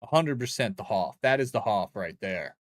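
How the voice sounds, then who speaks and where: A young man with a fairly low voice rambles and cracks crude jokes while streaming a game. He is close to the mic in a dead, dry room. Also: expressive, normal speed, no echo. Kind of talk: casual gaming stream chat.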